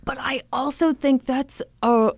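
A woman co-hosting a podcast in casual chat, animated and quick to laugh. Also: sits high, no room sound. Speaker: podcast co-host.

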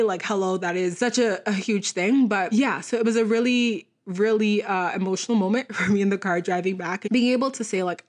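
Chatty woman podcast host. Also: medium pitch. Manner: chatty, many fillers like "like" and "um", laughs often. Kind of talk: casual chat.

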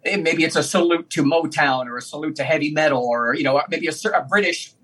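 A man with a high, husky voice, talking casually as a guest. He is a former radio DJ from Northeast Ohio. He tells animated stories and laughs often. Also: fast talker, low-quality recording. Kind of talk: casual conversation, storytelling.

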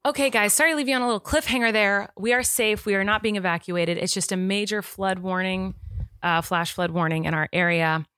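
An animated woman co-hosting a casual podcast, her voice sitting at an ordinary middle pitch. She argues her points with insistence, and the recording is dry and close. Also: clear, resonant tone, no room sound. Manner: animated, argumentative, quick to insist. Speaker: podcast co-host. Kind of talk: casual chat.

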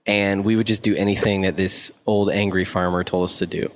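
A man co-hosting a podcast, telling stories in an animated, chatty way. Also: deep voice, a little fast, a little hiss or hum. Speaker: podcast co-host. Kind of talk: casual chat, storytelling.

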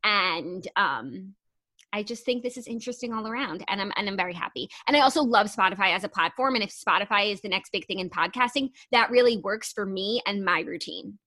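A woman's voice: medium pitch, animated, fairly quick, pushed and bright, no room sound. A young woman co-hosting a podcast in casual chat, chatty and full of "like.". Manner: chatty, heavy use of "like". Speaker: podcast co-host.

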